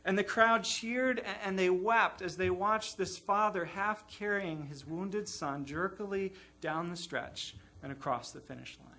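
A man preaching with a high, bright voice that carries clearly. He sounds earnest and emphatic, stacking repeated phrases to drive each point home in a sermon. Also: a little slow, few pauses. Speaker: pastor.

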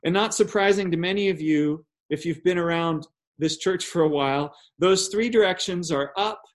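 High-voiced man preaching with emphasis. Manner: emphatic, rhetorical questions, drops low on key words. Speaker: pastor. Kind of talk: sermon.

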